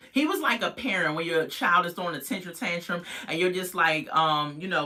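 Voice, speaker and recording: A woman's voice: fairly low pitch, animated, quick pace, few pauses, pushed and bright. A woman casually recapping a reality TV episode, chatty and sassy with lots of asides.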